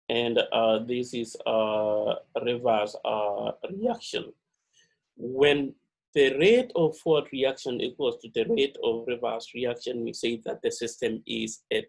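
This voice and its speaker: A man giving a pre-lab chemistry lecture, halting and full of "uh" and "all right" fillers, repeating key words for emphasis. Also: medium pitch, gravelly, low-quality recording.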